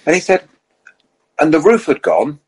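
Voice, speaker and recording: A middle-aged man and racing driver on a podcast, telling motorsport anecdotes in a lively way and acting out the quotes. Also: on the high side, normal speed, slightly rough, low-quality recording.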